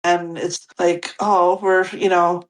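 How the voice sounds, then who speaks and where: A woman's voice: lowish voice, little pitch movement, takes it slowly, poor audio. A woman co-hosting a podcast, talking casually and rambling with many fillers. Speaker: podcast co-host. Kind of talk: casual chat.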